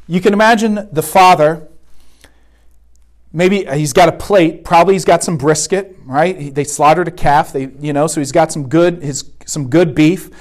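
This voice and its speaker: A man giving a conversational sermon at a retreat, often checking in with "right?". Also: fairly high pitch. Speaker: retreat speaker. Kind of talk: sermon talk.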